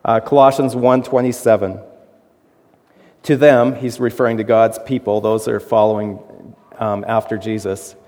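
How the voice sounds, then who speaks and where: A man's voice: lowish voice, flat delivery, moderate pace, darkish tone, big-room sound. A man preaching a sermon as pastor, in a conversational way, asking his listeners questions and laughing at his own asides.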